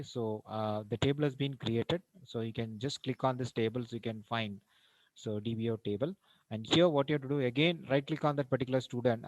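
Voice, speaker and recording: A man's voice: mid-range voice, dry recording, poor audio. A male college lecturer with an Indian English accent, walking through a programming tutorial in a hesitant way with many fillers. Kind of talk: screen-recorded programming tutorial.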